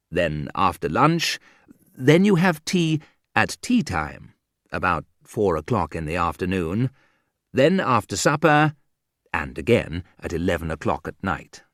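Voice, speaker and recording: A man reading a humorous book aloud in a dry, wry manner, with sudden lifts in pitch. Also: no echo. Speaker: audiobook narrator. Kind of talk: scripted humorous narration.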